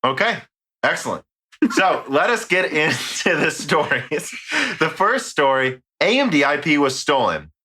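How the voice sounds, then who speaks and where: A man's voice: a little high, sing-song, a little slow, pushed and bright, slight background noise. An American man hosting a casual tech podcast, rambling and joking as he reads listener mail. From United States. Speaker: podcast host.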